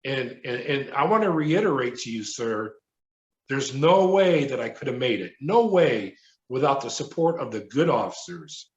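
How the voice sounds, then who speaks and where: A middle-aged former prison guard, appearing as a guest on a podcast interview, recounts his experiences in a lively storytelling style, acting out the voices of people he quotes. His voice sits in the mid range at a moderate pace, and the remote audio sounds roomy and dull.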